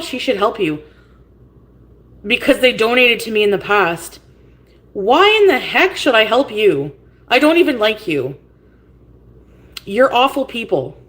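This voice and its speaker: High-voiced woman ranting on a livestream. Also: a bit bright. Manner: blunt, cursing, confrontational. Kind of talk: livestream rant reading chat. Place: home.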